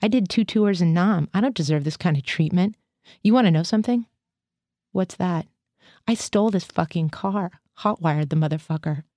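A scruffy young male Marine on the run, read by a woman, rambling in slang and swear words. His voice is low and mellow, and it is heard close and dry. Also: normal speed, dry recording, close to an everyday voice. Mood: loose. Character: scruffy young male AWOL Marine veteran, loose and profane.

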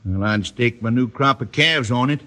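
An actor playing a wounded, crusty old rancher father in a 1950s radio western, with a gravelly, husky voice and a crusty frontier drawl. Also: medium pitch, normal speed, sharp tone, close to an everyday voice.

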